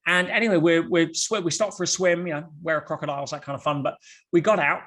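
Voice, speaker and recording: A man talking as a guest on a podcast, telling stories in an animated way with rhetorical questions and quick restarts. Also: on the high side. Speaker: podcast guest, motivational speaker. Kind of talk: podcast conversation.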